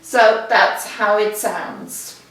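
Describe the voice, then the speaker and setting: A woman's voice: mid-range voice, fairly even intonation, very slow. A woman with a Swiss German accent teaching body percussion, patiently counting rhythms aloud and checking in with her listeners. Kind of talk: instructional video lesson. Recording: very echoey room, distant mic, faint noise.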